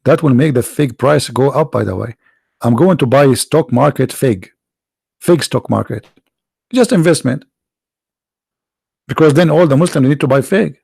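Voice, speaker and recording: Gravelly-voiced man, sarcastic and tired. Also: mid-range voice, normal speed, pauses often, darkish tone, no room sound, studio quality. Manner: sarcastic, mocking, rhetorical questions. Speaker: video host and preacher. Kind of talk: mocking commentary monologue.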